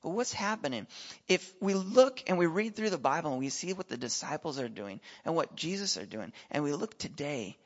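Animated preacher man in echoey hall. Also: fairly high pitch, breathy edge. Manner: animated, conversational, rhetorical questions. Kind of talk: sermon with personal storytelling. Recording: echoey hall, dull lo-fi sound.

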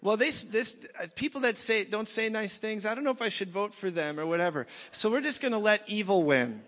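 A man preaches with a bright, forceful, somewhat high voice, blunt and jokey, jumping between loud bursts and quiet passages. His voice rings with long reverb through a church hall, and the recording sounds a little dull and muffled. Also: brisk. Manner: animated, blunt, jokey, swings from loud to soft. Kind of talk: sermon.

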